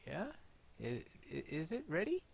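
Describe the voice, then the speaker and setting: A man's voice: fairly high pitch, huge pitch swings, unhurried, vocal fry, husky, no room sound. A man casually commenting on his gameplay, chatty and wry, thinking aloud. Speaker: gameplay host.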